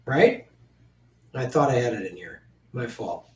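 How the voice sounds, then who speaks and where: Male political streamer, higher-pitched, blunt and profane, roomy and slightly distant sound. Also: animated, a little slow. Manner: blunt, profane, talks directly to chat viewers. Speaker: political livestream host. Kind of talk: livestream commentary.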